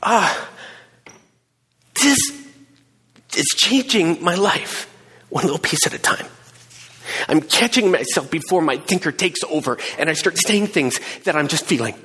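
A middle-aged man preaching a sermon, telling a personal story with emphatic swings between hushed and raised delivery. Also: fairly high pitch, lively intonation, unhurried, long pauses, breathy edge. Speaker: pastor. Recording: long hall reverb.

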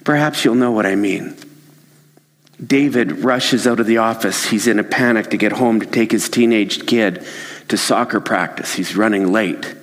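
Low-voiced preacher in a reverberant hall. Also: male voice, normal speed. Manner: earnest, conversational, animated. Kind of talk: sermon storytelling.

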